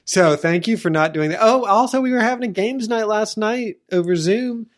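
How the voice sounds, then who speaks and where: A podcast co-host in casual chat with their spouse, talking in a dry, deadpan, complaining way. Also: mid-range voice, moderate pace.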